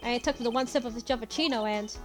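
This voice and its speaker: A woman's voice: on the high side, fast, over music, natural voice. Woman voicing grumpy old Victor Kudo. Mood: gossiping. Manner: rambling, boastful, snaps at people.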